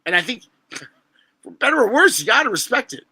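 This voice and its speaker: A man, telling stories on a podcast in an animated, profane way. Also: extremely high pitch, moderate pace, breathy edge, no room sound. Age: 20s. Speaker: guest musician. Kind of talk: casual podcast chat.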